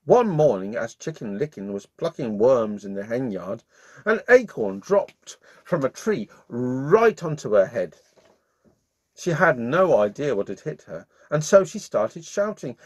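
A man's voice: medium pitch, sing-song, unhurried. A man reading a bedtime story aloud to children in a playful, friendly way as the channel's storyteller. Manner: warm-hearted, playful, sings along.

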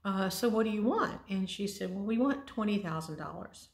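A woman's voice: medium pitch, expressive, moderate pace. A middle-aged woman telling her own story in a candid, wry, casual way. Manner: candid, wry, with sighs and laughs. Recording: echoey room.

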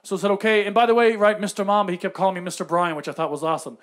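A middle-aged man performing stand-up with a very high voice. He tells his story in quick, punchy bursts and keeps the delivery animated. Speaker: stand-up comedian. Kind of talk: stand-up comedy.

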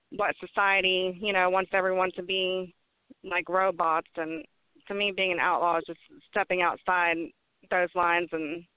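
A woman's voice: fairly low pitch, clean tone, no room sound. A woman from West Virginia, a podcast guest telling stories casually, laughing often and swearing freely. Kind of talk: casual storytelling. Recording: phone-like line.

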